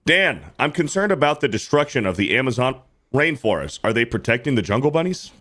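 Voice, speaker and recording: A man's voice: mid-range voice, big pitch swings, a little fast, a bit bright. A man hosting a casual livestream, reading viewer messages aloud while hiccuping, profane and laughing through them. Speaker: host reading super chats.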